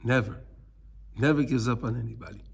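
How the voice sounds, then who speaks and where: A man's voice: mid-range voice, brisk, creaky, slight background noise. A man teaching a Torah class, earnestly explaining texts, slipping into Hebrew terms and acting out little scenes. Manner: earnest, acts out voices, mixes in Hebrew terms.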